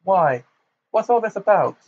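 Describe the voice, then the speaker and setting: A man's voice: a little high, unhurried, highs cut off, pitched above the performer's own voice. A man voicing a flustered, blustering middle-aged minister who gasps and whimpers.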